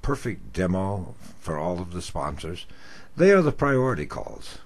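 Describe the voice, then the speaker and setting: An older man, once a talk radio host, telling a story with self-mocking asides. His voice is low and husky, and he takes his time. His pitch rises and falls freely as he tells it. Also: very animated, measured pace. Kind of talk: storytelling monologue.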